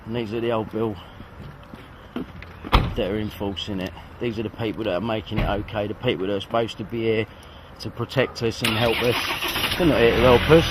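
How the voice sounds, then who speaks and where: A man's voice: fairly low pitch, steady tone, fairly quick, very noisy. A man, frustrated and swearing as he films a confrontation on a street. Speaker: vlogger confronting police.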